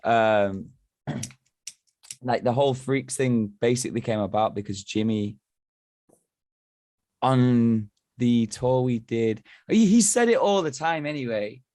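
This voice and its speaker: A man's voice: medium pitch, slow pace, pauses often, darkish tone, no room sound. A man from England talking as a podcast guest, rambling and swearing freely while he tells stories. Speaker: podcast guest, band member. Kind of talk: casual chat.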